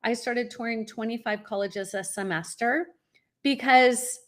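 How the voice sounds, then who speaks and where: A middle-aged woman, a college consultant, telling her story in an energetic way and speaking straight to parents as a podcast guest. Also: on the high side, measured pace. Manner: energetic, addresses parents directly.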